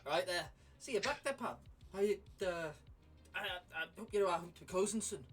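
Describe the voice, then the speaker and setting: A man's voice: high-pitched, animated, fast talker, a bit bright, soft background music, voice pushed up. Man doing a sweaty, flustered shopkeeper. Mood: nervous. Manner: flustered, stammering, eager to please. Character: stressed male newsagent vendor, fake Australian accent.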